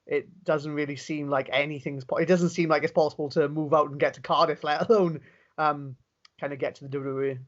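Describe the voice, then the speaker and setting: In a dull lo-fi recording, a young Welsh pro wrestler chats casually as an interview guest, eagerly telling stories at speed and often restarting his sentences. He has a slightly high voice with fairly even intonation.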